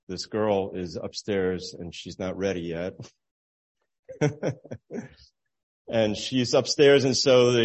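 Lowish-voiced man telling a story. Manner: relaxed, halting storyteller who laughs at his own story. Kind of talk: storytelling sermon illustration.

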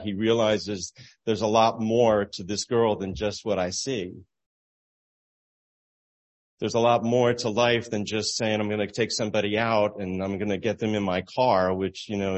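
A man with a somewhat low voice tells a story to make a moral point. He talks in a relaxed, unhurried way, with small restarts and soft chuckles. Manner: relaxed, halting storyteller who laughs at his own story. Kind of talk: storytelling sermon illustration.

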